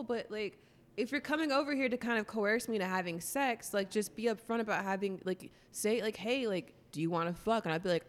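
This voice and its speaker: A woman's voice: medium pitch, brisk, big-room sound. A young woman in casual chat, frank, outspoken and emphatic.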